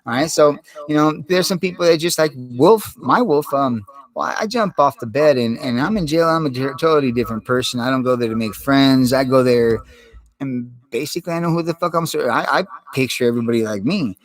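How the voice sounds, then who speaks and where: Young guy on a home desk mic, mid-pitched, loose and foul-mouthed, rambles in street slang with lots of "dude.". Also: a little fast, rough recording. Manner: rambling, profane, streetwise, says "dude" a lot. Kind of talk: casual monologue vlog. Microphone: desktop USB microphone.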